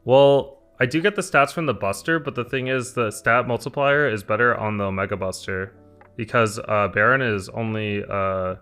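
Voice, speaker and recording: A man's voice: on the low side, moderate pace, a bit bright, clean tone. A man streaming a card game, thinking aloud and answering chat questions in an explaining tone. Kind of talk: live-stream gameplay commentary. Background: faint lo-fi music.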